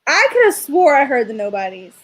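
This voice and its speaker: A woman's voice: high-pitched, very animated, brisk, a bit bright, slightly rough. A woman co-hosting a podcast in casual chat, insistent and often talking over her co-host.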